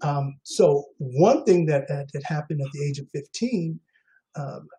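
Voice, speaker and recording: A man's voice: a little high, animated, a little slow, dark tone, rough recording. A man, a guest actor, telling his story in a rambling way with many fillers and restarts. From Queens, New York. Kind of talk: casual interview talk.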